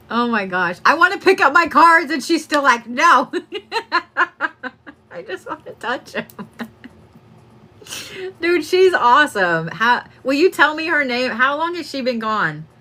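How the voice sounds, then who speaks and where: A woman's voice: high voice, big pitch swings, slow pace, long pauses, sharp tone. A young woman giving a casual psychic reading, laughing often and swearing freely. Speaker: psychic medium. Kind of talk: live-stream reading.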